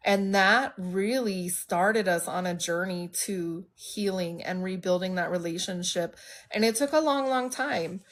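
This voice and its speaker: A woman's voice: medium pitch, unhurried. Blunt, emotional woman streamer. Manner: open and emotional, speaks bluntly. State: congested from allergies. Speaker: livestream host. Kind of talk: candid personal storytelling.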